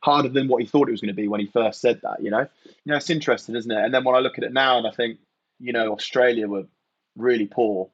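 A man's voice: medium pitch, fairly even intonation, fast, slightly rough, no echo, muffled recording. A man from England, a podcast guest and former rugby player, talking in a casual, reflective way, often saying "you know" and "mate".

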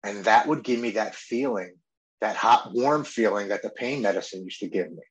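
A man's voice: lowish voice, moderate pace, rough recording. A man in his thirties earnestly telling his own story of addiction and recovery, often quoting what he said and thought. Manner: earnest, emotional storytelling with quoted inner speech. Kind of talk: personal recovery testimony.

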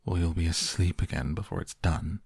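A man voicing a mournful, quarrelsome hatter in a slow storybook reading. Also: low voice, steady tone, gravelly, a little mellow, breathy edge, no room sound, studio quality, full character voice. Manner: mournful, argumentative.

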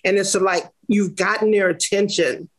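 A woman's voice: medium pitch, fairly even intonation, normal speed. A woman giving plain-spoken parenting advice in a casual chat, emphatic and direct, often acting out what to say. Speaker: parenting advisor.

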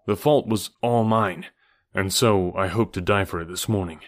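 A man voicing a calm, noble jungle-raised gentleman in an audiobook, speaking in a grave, measured, courteous way. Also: low voice, natural voice. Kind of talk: audiobook character reading.

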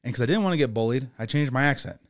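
A man's voice: medium pitch, racing. A young man raised in England who speaks with an American accent, chatting as a podcast guest and laughing often. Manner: animated storyteller, laughs often. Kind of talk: casual chat.

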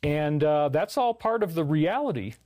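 A man's voice: on the high side, lively intonation, normal speed, a loud crowd. A man hosting a livestream, rambling earnestly and reading viewer comments aloud. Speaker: livestream host.

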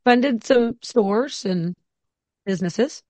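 A woman's voice: on the high side, animated, a little mellow, no room sound. Quippy female podcast host, dry close sound. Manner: sarcastic, chatty, quick quips. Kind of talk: casual podcast chat.

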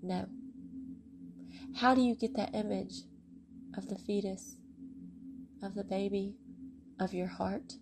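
A woman's voice: medium pitch, fairly even intonation, creaky, background noise. A tired woman giving an earnest, emotional personal testimony on a podcast. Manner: earnest, heartfelt, preachy, with pauses. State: tired, voice going.

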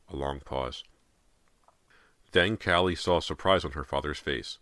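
A man reading a horror novel aloud in a measured, steady voice, close to the mic. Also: extremely low pitch, no echo. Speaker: audiobook narrator. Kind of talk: scripted horror narration.

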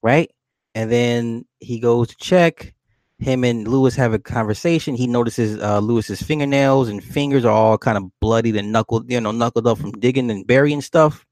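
A man's voice: medium pitch, normal speed, dry recording. A man casually retelling a movie's plot, laughing often and acting out the characters' lines. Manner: animated storytelling, laughs often, acts out characters; swears casually, addresses listener with "right?".

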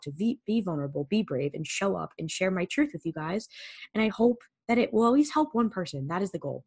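A woman's voice: fairly low pitch, darkish tone, breathy edge. A woman hosting a solo podcast, talking candidly and casually, swearing freely and repeating words for emphasis into a microphone. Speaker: podcast host. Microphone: studio microphone.

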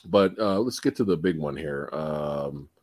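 A man hosting a casual live-stream podcast about movies, animated, laughing often and swearing casually. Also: rumbling low, unhurried, no echo. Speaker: podcast host.

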